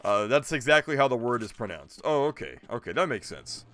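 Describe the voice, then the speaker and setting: Animated, bright-voiced male game streamer. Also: medium pitch, a little fast, slight background noise. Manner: rambling, jokey, talks to chat. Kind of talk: casual gameplay commentary.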